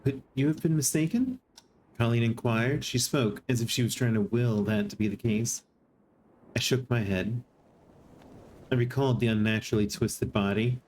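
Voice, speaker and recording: A streamer reading a text adventure aloud in an even voice, with amused asides now and then. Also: mid-range voice, normal speed, a little hiss or hum. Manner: reads narration evenly and breaks in with surprised laughing asides.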